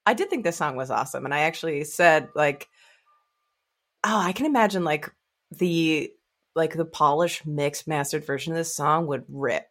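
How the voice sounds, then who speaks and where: Female podcast guest, lowish voice, expressive and musing. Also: normal speed. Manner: expressive, musing, acts out quotes. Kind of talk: casual chat.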